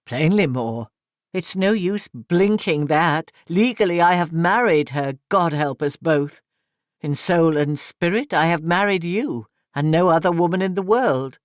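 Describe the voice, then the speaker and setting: A man's voice: medium pitch, slow, dry recording, clean studio sound, close to an everyday voice. A man reading an audiobook and voicing an intense, earnest young man who speaks emphatically. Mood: passionate. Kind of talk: audiobook character voice.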